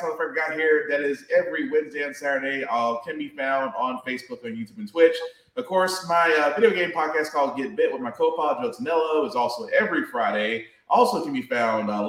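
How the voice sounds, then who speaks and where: A man talking casually as a podcast guest, animated and joking, plugging his shows and giving advice. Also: a little high, echoey room, poor audio. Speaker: podcast guest and wrestling columnist.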